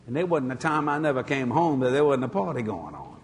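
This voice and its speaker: A man's voice: medium pitch, fast, breathy edge. A man with a Cajun accent preaching a folksy sermon, acting out dialogue as he goes. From Louisiana. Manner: folksy, animated, acts out dialogue. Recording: long hall reverb, faint noise.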